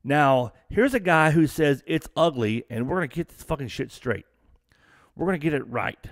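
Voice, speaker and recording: A man's voice: a little high, expressive, normal speed, no room sound. Man, from Texas, middle-aged, live stream host, profane rant, rambling, dry close mic.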